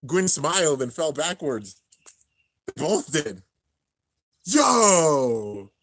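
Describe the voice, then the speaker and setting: A young man narrating an anime finale as he watches it live, excited and emotional. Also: on the high side, takes it slowly, husky. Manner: excited, narrating on-screen action, drops to near-tears murmurs. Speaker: anime reaction host. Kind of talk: live reaction commentary.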